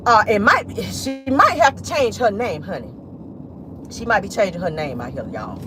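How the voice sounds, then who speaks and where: Brief: lively, bawdy gossip host talking from a car, street noise behind. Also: mid-range voice, moderate pace. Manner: animated, bawdy, laughing asides with "honey" and "child". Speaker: vlogger host. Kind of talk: casual celebrity-gossip commentary. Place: parked car. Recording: noisy car interior.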